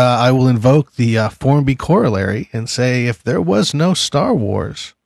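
A man's voice: lowish voice, no room sound, clean studio sound. A man on a podcast panel laying out a thoughtful argument with some hesitations. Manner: thoughtful, reasoned argument with fillers. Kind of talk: casual discussion.

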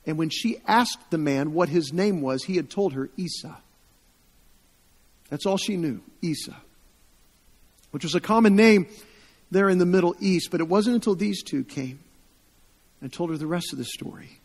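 A male preacher tells a story from the pulpit, slightly higher-pitched than most men. He acts out quoted voices, swells louder at the tense moments and sinks almost to a hush at the solemn ones. His voice rings with the long reverb of a large hall. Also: lively intonation, normal speed, pauses often, husky. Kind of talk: sermon storytelling.

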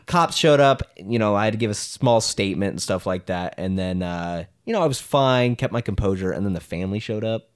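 Low-voiced young man telling rambling stories. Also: brisk, hardly any pauses, smooth. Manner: rambling anecdotes full of "like", laughing often. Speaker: podcast co-host. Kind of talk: casual chat, storytelling.

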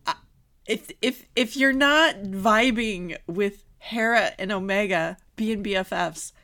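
A woman co-hosting a podcast in casual chat, animated and exclamatory, laughing easily and often clearing her throat. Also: medium pitch, slow pace. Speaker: podcast co-host.

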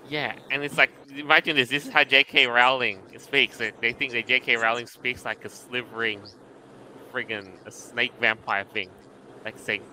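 A man's voice: mid-range voice, fairly even intonation, moderate pace, sharp tone, a little hiss or hum, poor audio. A man co-hosting a casual podcast, steering the discussion and asking the others for their views. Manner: leads the topic, shows things on screen. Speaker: podcast co-host. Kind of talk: casual chat.

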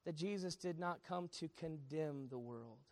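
A man preaching a sermon as pastor, swinging between quiet confession and loud storytelling. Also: a little high, measured pace, no room sound.

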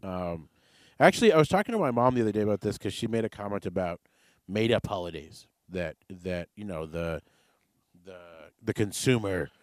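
A man's voice: on the low side, expressive, moderate pace, no echo. A man hosting a podcast in casual chat, rambling and offhand with jokes. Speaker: podcast host.

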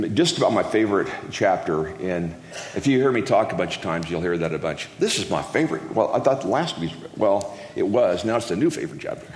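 Deep-voiced rambling man preaching in a hall. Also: slight background noise. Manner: rambling, self-interrupting, folksy jokes. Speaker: guest preacher. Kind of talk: casual joking sermon. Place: church hall. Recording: echoey hall, long reverb.

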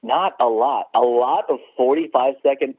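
A man chatting casually about a movie, animated and swearing, acting out scenes in silly voices. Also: mid-range voice, moderate pace, slightly rough. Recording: tinny phone-like sound.

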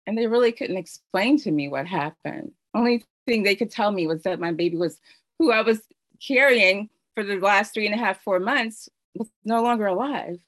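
A middle-aged woman telling her personal story in an earnest, halting way, with fillers and restarts. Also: mid-range voice, lively intonation, a bit bright, no room sound. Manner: emotional storytelling. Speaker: speaker sharing her story. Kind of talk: personal testimony.

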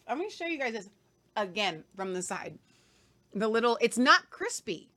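Chatty woman trying chocolates on cam, super animated, kinda high voice. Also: normal speed. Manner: chatty and enthusiastic, talks with mouth full. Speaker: co-host. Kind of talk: casual chat, tasting snacks on camera.

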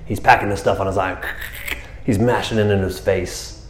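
A man preaching a sermon who tells the story with animated energy, acting out scenes in high, excited voices and laughing along the way. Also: normal speed, roomy sound, a little hiss or hum. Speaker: pastor.

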